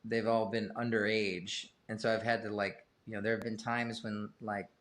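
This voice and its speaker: A man's voice: fairly low pitch, little pitch movement, moderate pace, fairly bright tone. A middle-aged man talking as a guest on a podcast, rambling and self-deprecating, swearing casually. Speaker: guest musician.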